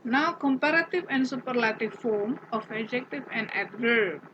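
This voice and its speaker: A woman's voice: a little high, expressive, normal speed, dull audio, background noise. A woman teaching an English grammar lesson. She patiently repeats example words and keeps asking the class questions.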